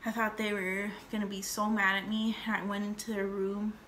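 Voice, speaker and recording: A woman's voice: mid-range voice, flat delivery, a little fast, fairly bright tone, slight background noise. A young woman telling a rambling story and chatting in a casual home vlog, with lots of fillers and acted-out quotes. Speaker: vlogger.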